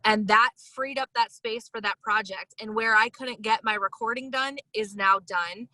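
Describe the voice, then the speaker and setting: Bright, enthusiastic woman host. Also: a little high, normal speed, dry recording, rough recording. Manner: emotional, enthusiastic, expressive. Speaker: podcast host. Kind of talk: casual interview chat.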